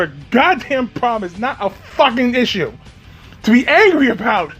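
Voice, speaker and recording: A man's voice: extremely high pitch, very animated, moderate pace, a bit bright, breathy edge, soft background music. A man giving profane reaction commentary, sarcastic and mocking, with frequent swearing and laughter. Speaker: commentary YouTuber. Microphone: home recording, off camera.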